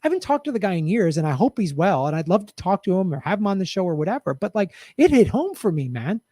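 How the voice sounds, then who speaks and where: A man's voice: high voice, big pitch swings, fast talker, warm tone, no echo, clean studio sound. A middle-aged man hosting a podcast, delivering a fired-up, profane political commentary rant. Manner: impassioned, profane, emphatic. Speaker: podcast host.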